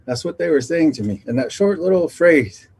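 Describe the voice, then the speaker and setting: A man, from the Nation, sharing traditional teachings in a gentle, unhurried storytelling talk that pauses and circles back. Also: on the high side, lively intonation, a little hiss or hum. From Navajo Nation.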